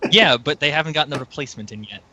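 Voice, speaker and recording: Bright-voiced game master. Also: male voice, fairly high pitch, racing. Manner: laughing, explaining rules. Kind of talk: running a tabletop game.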